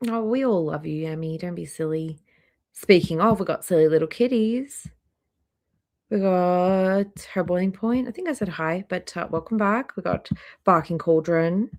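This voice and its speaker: A woman hosting a casual live stream, chatty and greeting viewers by name one after another, a little hoarse, talking into a laptop microphone indoors. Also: fairly low pitch, normal speed, a little mellow. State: slightly hoarse, clearing throat. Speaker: livestream host. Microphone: laptop microphone near trackpad.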